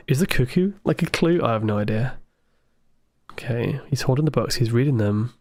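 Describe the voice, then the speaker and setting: A man livestreaming a puzzle game, thinking aloud with excited asides to his chat. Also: mid-range voice, brisk, dry recording. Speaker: game streamer. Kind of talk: live gameplay commentary.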